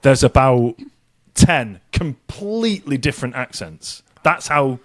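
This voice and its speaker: A man's voice: medium pitch, lively intonation, slow, fairly bright tone, dry recording. A man from the UK co-hosting a podcast, bantering casually and laughing often. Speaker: podcast co-host.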